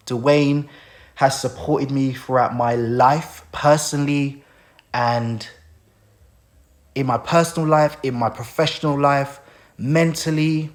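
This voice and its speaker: A man's voice: medium pitch, measured pace. A man hosting a casual live stream, talking in a heartfelt and emotional way as he thanks people.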